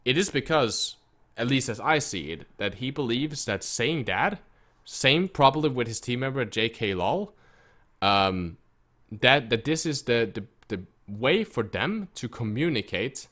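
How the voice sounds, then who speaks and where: A man's voice: medium pitch, animated, unhurried, a bit bright. A man who coaches an esports team, telling a frustrated story in casual speech and quoting people as he goes. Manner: frustrated, emphatic, quotes others in his retelling. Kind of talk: casual storytelling rant to camera.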